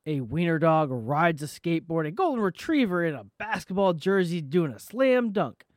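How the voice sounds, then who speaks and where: A woman reading stage directions aloud in a casual, halting script read-through. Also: on the low side, big pitch swings, no echo, clean studio sound. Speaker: script reader.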